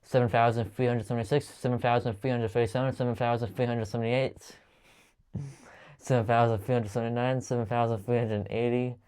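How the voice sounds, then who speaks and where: Dude counting numbers super fast, stumbles a lot, clean smooth voice. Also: male voice, mid-range voice. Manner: rapid steady counting with frequent stumbles and restarts. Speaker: channel host counting aloud. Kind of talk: long monotone counting video.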